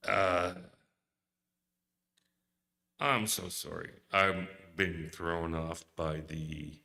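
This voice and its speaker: A man giving a hesitant, emotional memorial speech, pausing often and searching for words. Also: sits low, steady tone, gravelly, sharp tone. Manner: hesitant, emotional, many pauses and fillers. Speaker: eulogy speaker. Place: memorial service hall. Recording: long hall reverb.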